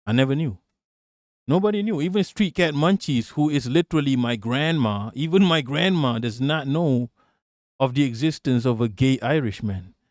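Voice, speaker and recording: A man's voice: mid-range voice, animated, normal speed, a little mellow, no echo, clean studio sound. A man streaming live, joking crudely and rambling as he reacts to clips. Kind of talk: casual live-stream commentary.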